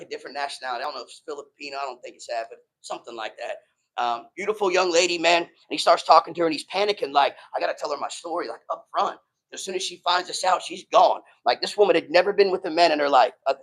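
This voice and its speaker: A man's voice: fairly high pitch, a bit bright, rough recording. A middle-aged man giving a sermon to a live audience in a casual, street-talking way, often saying "man". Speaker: preacher.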